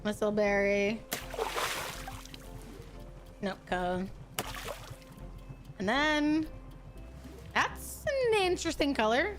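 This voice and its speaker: Young woman streamer, high-voiced, chatty and a bit crude, with faint game music underneath. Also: lively intonation, extremely slow, long pauses. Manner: giggly, crude, chatty with chat. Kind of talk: casual gaming stream chat.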